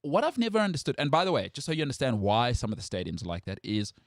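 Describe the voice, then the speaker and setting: A man's voice: racing, dry recording, studio quality. A man hosting a sports talk show, holding forth with strong opinions in casual chat. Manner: animated, jumps high in pitch when outraged.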